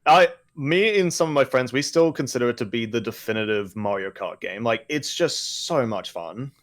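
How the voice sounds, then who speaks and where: A man's voice: animated, moderate pace. A young man with a mid-range voice chatting casually on a gaming podcast. He jokes a lot and loves playing up his memories for laughs. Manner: joking, puts on shrill mock screams. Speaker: podcast co-host. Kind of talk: casual chat.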